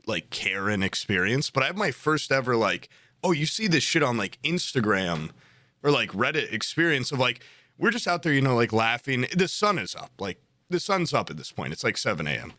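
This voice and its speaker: A man's voice: mid-range voice, sing-song, moderate pace, sharp tone, no echo, studio quality. A man in his twenties telling a long, rambling story on a casual podcast, full of fillers and acted-out quotes. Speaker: podcast co-host.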